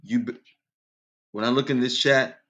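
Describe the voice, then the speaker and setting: His tone stays steady, pushed and bright, at normal speed. The man hosts a relaxed radio show of dad jokes, laughing at his own punchlines and speaking straight to listeners, while quoted voices jump far up in pitch.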